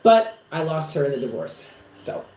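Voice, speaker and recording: A man's voice: a little high, very animated, normal speed, darkish tone. A man chatting casually on a live stream, rambling and emotional with many fillers, at home in his apartment. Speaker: psychic reader hosting a live stream. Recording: echoey room with faint noise.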